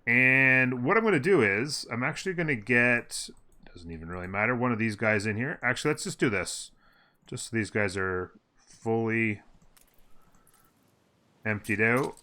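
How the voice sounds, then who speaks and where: A man hosting a city-building gameplay video, chatting casually and thinking aloud as he plays, often pausing on fillers and correcting himself. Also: medium pitch, animated, bright, forceful tone.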